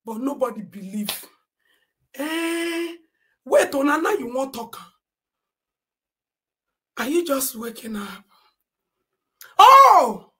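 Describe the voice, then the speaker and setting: A woman with a Nigerian accent, ranting indignantly on a live stream in Pidgin, often shouting and reading viewers' comments aloud. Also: sits high, expressive, takes it slowly, pauses often. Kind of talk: Nigerian Pidgin social media rant.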